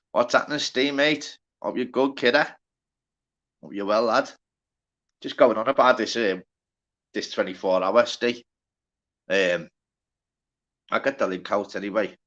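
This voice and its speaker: A man's voice: fairly low pitch, a little slow, pauses often, fairly bright tone, highs cut off. A man with a Liverpool accent hosting a casual live stream, chatty and sweary, greeting viewers by name. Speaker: livestream host.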